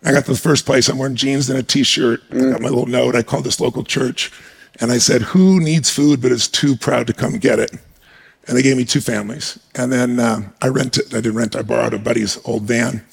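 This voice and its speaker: Fast, gravelly-voiced male storyteller. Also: medium pitch. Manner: animated, emphatic storyteller who acts out scenes. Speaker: guest speaker. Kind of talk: personal storytelling on stage.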